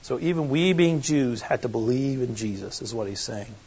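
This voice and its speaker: A man preaching a conversational sermon, animated and emphatic, often checking in with his listeners. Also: medium pitch, normal speed, breathy edge. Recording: muffled lo-fi recording.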